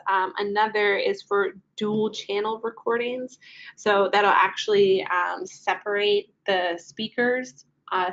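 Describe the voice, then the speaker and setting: A woman's voice: medium pitch, fairly bright tone. A woman leads a casual product training session, narrating each step on screen. Her speech is loose and friendly, with frequent ums and restarts. The audio is slightly dull and lo-fi. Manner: casual, many ums and uhs while clicking through. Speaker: software trainer. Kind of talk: screen-share product walkthrough.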